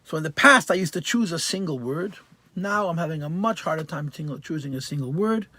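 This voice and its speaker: A man's voice: fairly high pitch, lively intonation, a little fast, bright, forceful tone. A man teaching a Torah class as a rabbi, translating verse by verse and stressing key words. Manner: translates verse by verse, mixing Hebrew and Yiddish terms into English.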